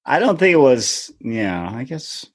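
A man's voice: medium pitch, very animated, a little slow, slightly rough. A man co-hosting a casual podcast who drops wry, jokey asides. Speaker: podcast co-host. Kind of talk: casual chat.

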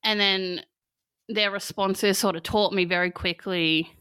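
A young Australian woman chatting candidly as a podcast guest, her voice smooth and clean. She laughs often and fills her sentences with "like". The close mic sounds dry, with no room around it. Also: mid-range voice, fairly even intonation, a little slow, sharp tone, no echo. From country Victoria, Australia. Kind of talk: candid casual conversation.

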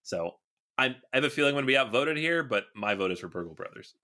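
A man's voice: mid-range voice, animated, quick pace, sharp tone. A man giving candid, opinionated views in a casual podcast chat.

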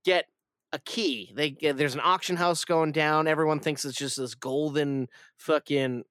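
Man, podcast host, casual movie chat, rambling, smooth clear voice, dry close mic. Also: a little high, steady tone, normal speed, a bit bright, dry recording. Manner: rambling, many fillers and restarts. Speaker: film review podcast host. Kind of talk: casual film review chat.

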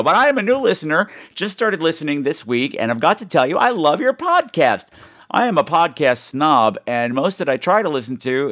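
A male podcast host talking casually and rambling, with jokey self-mocking asides. His pitch sits in an ordinary middle range but swings widely as he goes. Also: fairly bright tone. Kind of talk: casual solo podcast chat, reading listener emails.

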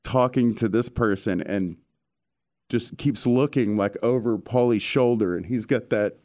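A man hosting a casual chat, telling stories in an animated way with casual swearing. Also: on the low side, unhurried, dry recording, clean studio sound.

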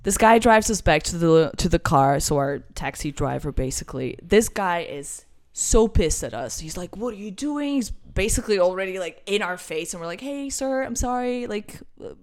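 Animated British woman telling a story. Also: lowish voice, moderate pace, hardly any pauses. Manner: animated storyteller who acts out quoted voices. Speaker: guest telling a travel story. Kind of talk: casual anecdote.

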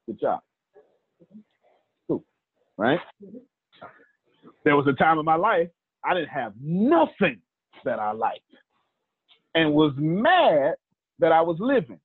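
A man hosting a live teaching session. He tells stories in a colloquial, animated way and calls on listeners by name. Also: on the high side, slightly rough, dry recording. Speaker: teacher and host. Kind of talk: live teaching talk with storytelling. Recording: tinny phone-like dry line.

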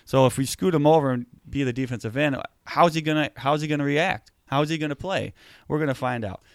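A man co-hosting a casual football talk show, animated and getting heated as he argues his point. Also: on the high side, fairly quick, dry recording, clean studio sound. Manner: animated, gets heated and emphatic. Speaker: sports podcast co-host.

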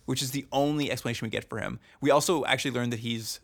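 A young man co-hosts a podcast, recapping a TV show in casual chat. His voice has a gravelly edge at a middle pitch, and his humor is dry and sarcastic. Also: steady tone, very fast. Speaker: podcast co-host.

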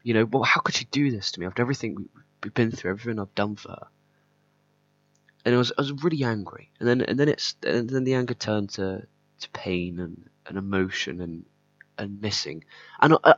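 A man's voice: lowish voice, fairly bright tone. A man hosting a podcast, talking through a personal story in a candid, rambling way and swearing often. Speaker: podcast host. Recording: slightly dull lo-fi audio.

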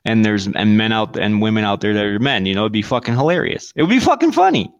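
A man's voice: lowish voice, big pitch swings, quick pace, muffled recording. A married man co-hosting a podcast, crude and laughing, swearing through casual banter. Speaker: podcast co-host.

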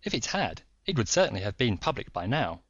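Calm, shrewd detective, read by a man, deliberate, dry and dull sound. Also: mid-range voice, husky, no room sound, pitched below the performer's own voice. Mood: composed.

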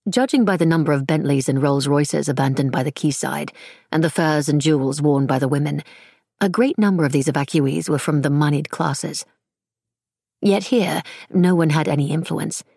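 Low husky lady reading an audiobook, dry close sound. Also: normal speed, mellow, no echo. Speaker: audiobook narrator. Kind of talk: scripted narration.

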